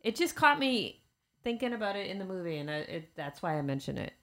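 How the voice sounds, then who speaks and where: A woman's voice: medium pitch, big pitch swings, brisk, fairly bright tone. A woman co-hosting a podcast who chats casually and answers with short, agreeable interjections. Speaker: podcast co-host. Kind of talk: casual chat.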